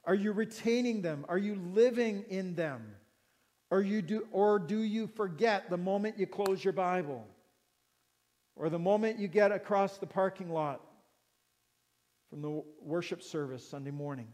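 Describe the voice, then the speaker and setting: In a high-pitched, slightly mellow voice, a middle-aged pastor preaches at an unhurried pace. His sermon is earnest, full of repeated phrases and questions put to the listeners, and a large hall lends it a long reverb.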